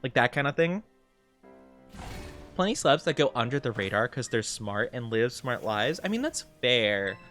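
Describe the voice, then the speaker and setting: A young man streaming a game as a VTuber, chatting casually and rambling with lots of fillers and quick laughs. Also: mid-range voice, big pitch swings, fairly bright tone, faint music behind. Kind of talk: casual chat while playing a game.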